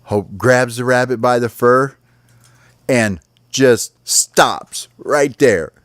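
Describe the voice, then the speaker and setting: Dad telling an animated bedtime story. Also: male voice, medium pitch, takes it slowly, no echo, studio quality. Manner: animated, with sound effects and sighs.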